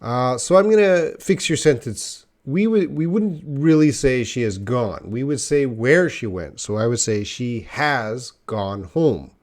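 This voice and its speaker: A man's voice: medium pitch, lively intonation, measured pace, hardly any pauses, darkish tone. A man teaching a live online English lesson, patiently explaining grammar and answering viewer questions.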